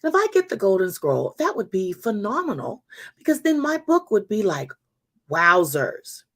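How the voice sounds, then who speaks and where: A woman's voice: mid-range voice, sing-song, normal speed. A woman in her fifties hosting a faith talk, telling a story to her listeners with emphatic repetition and calling them y'all. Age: 50s. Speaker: host.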